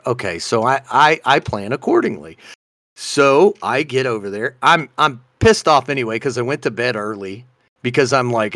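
A man's voice: mid-range voice, lively intonation, normal speed, fairly bright tone, no room sound, clean studio sound. A man, co-hosting a casual comedy chat and telling stories in a playful, self-mocking way. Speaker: podcast co-host.

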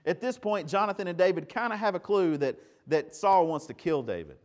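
Brief: male preacher, slightly high voice, chatty sermon full of rhetorical questions. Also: lively intonation, a little fast, a little mellow. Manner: conversational preaching with rhetorical questions and repeated words. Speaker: pastor.

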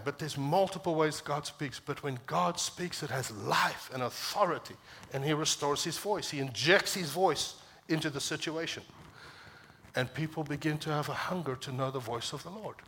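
In church, a man delivers a passionate sermon as pastor; his voice climbs to forceful highs and sinks soft and low whenever he quotes scripture.

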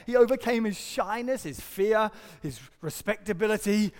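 A middle-aged man, a pastor, preaching an earnest sermon and acting out quotes and stories with lively shifts. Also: sits high, normal speed, few pauses, big-room sound. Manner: earnest, animated storytelling with acted-out quotes.

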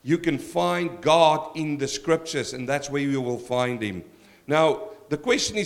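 A man's voice: fairly high pitch, animated, normal speed, a bit bright. A man preaching a verse-by-verse sermon as pastor, emphatic and direct, addressing his congregation.

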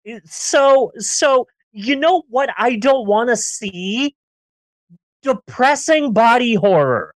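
A man's voice: very high-pitched, expressive, slow pace, dry recording. A man co-hosting a casual movie-review podcast, ranting sarcastically and riffing with jokes. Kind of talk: casual comedic film review chat.

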